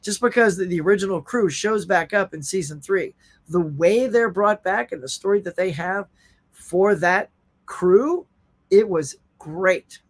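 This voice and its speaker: Man, middle-aged, casual live-stream host, animated, chatty. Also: high voice, measured pace. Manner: animated, chatty, reads viewer comments aloud.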